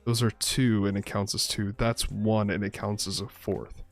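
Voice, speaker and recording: A man's voice: fairly low pitch, little pitch movement, moderate pace, gravelly, soft background music. A man chatting casually while playing a game, telling rambling stories full of swearing. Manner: rambling, profane, laid-back storyteller. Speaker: streamer playing a survival game. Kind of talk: casual gameplay chat and storytelling.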